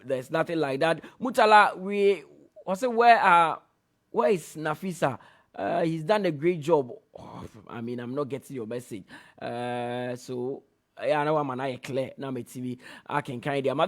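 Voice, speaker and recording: Ghanaian guy on sports radio reading out texts, kinda high voice, goes up for each message then drops down to chat about it. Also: expressive, moderate pace. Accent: Ghanaian English. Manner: lifts his voice to read each message, then comments in a lower tone. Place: radio studio.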